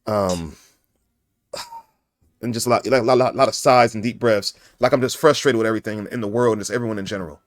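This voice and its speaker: A man runs a casual podcast chat over an online call, jokey and goofy, often breaking into laughs. His voice sits at an ordinary middle pitch. The sound is dry and close, with no room around it. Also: steady tone, rapid-fire, few pauses, dry recording. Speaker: podcast host.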